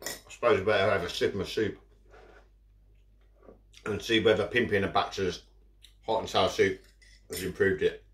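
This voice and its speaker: A man's voice: deep voice, steady tone, normal speed, pauses often, a bit bright. A man chatting casually while eating in a food vlog, rambling with his mouth full. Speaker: food vlogger. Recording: echoey room. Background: cutlery and dishes.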